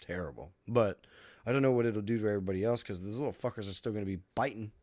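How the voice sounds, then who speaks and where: A man's voice: fairly low pitch, very fast, a little mellow. A man co-hosting a podcast, chatting casually, joking and laughing often. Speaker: podcast co-host. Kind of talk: casual chat.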